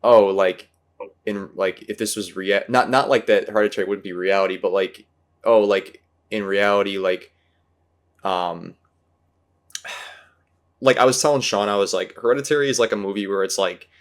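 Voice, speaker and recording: Deep-voiced man rambling about movies. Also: steady tone, moderate pace, pauses often. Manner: rambling, searching for words, many fillers. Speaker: podcast host. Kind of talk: casual movie discussion.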